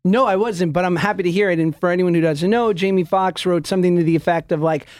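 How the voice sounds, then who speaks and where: A man hosting a podcast with quick, jokey casual chat, laughing often. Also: high voice, fairly even intonation, a little mellow, no room sound. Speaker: podcast host.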